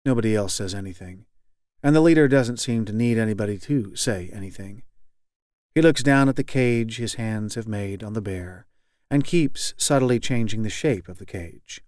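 A man reading a novel aloud as audiobook narrator, in a measured, wry, even delivery. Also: on the low side, dry recording, clean studio sound.

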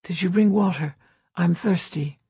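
A woman voicing a gravely injured woman psychologist, wheezing and delirious, in an audiobook. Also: on the low side, unhurried, warm tone, no echo, clean studio sound, exaggerated voice. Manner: probing, clinical questioning.

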